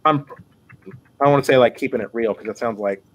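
A man's voice: medium pitch, brisk, lo-fi sound, a little hiss or hum. A man, a guest creator, chatting casually on a podcast in a teasing, slangy manner.

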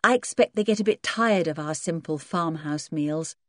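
A woman's voice: low-pitched, normal speed, a bit bright, no echo, clean studio sound. A woman reading an audiobook and voicing a kindly, fussy farmer's wife with a motherly manner.

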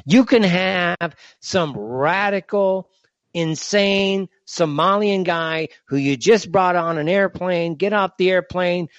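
A man's voice: high-pitched, takes it slowly, no room sound. A man hosting a solo commentary show, delivering an indignant rant with a stream of rhetorical questions. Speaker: show host. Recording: dull lo-fi, dry.

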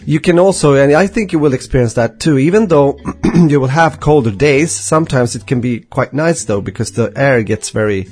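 Laid-back guy cohost, a bit husky, rambles and laughs a lot. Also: mid-range voice, moderate pace, hardly any pauses, a little mellow. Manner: easygoing, laughs often, rambling. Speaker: podcast co-host. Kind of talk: casual chat.

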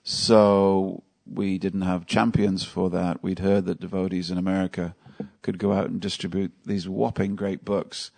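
Unhurried and a little mellow, the man's low, gravelly voice shows little pitch movement and few pauses. He gives a temple devotional class, narrating stories conversationally and asking the listeners things.

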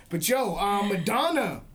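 A man co-hosting a casual podcast, his pitch swinging up and down as he jokes and teases. He is slangy and quick to laugh, and keeps a loose, playful back-and-forth going with his co-host. Each line sounds unscripted and playful. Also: big pitch swings, a loud crowd. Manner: joking, teasing, laughs often, slangy. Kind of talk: casual chat.

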